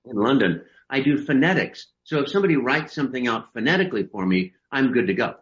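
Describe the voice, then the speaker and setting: A man's voice: mid-range voice, expressive, fast. A man, a voice actor guest, chatting enthusiastically and expressively in an interview over a video call. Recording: dull lo-fi video call audio.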